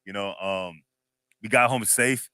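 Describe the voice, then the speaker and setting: A man co-hosting a podcast, telling a story in a loose, animated, slangy way with lots of laughs. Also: lowish voice, unhurried, no echo. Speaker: podcast co-host. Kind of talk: casual chat, storytelling.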